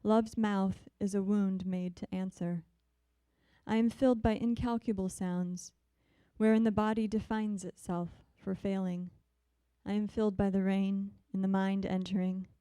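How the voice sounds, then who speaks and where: A woman poet reads her work in a measured, deliberate way, her voice mellow and smooth. The sound is close and dry. Between poems she turns soft and hesitant. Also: mid-range voice, level tone, dry recording. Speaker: visiting poet. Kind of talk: poetry reading.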